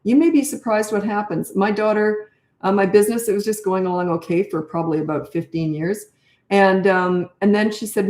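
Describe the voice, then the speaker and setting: A woman's voice: mid-range voice, fast, darkish tone, roomy sound. An older woman, a parenting coach, answering viewer questions in a casual live Q&A, blunt and off-the-cuff, thinking aloud as she goes.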